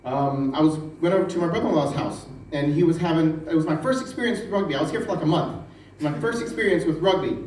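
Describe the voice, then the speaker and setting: A man from the United States telling a rambling, profane stand-up story with animated delivery. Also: a little high, fast. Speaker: stand-up comedian. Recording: roomy, distant, noisy.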